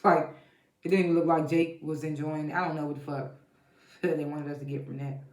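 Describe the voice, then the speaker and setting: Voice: mid-range voice, level tone, moderate pace, darkish tone. A TV show reviewer giving a casual episode recap, blunt and profane, laughing often while retelling scenes. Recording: echoey room.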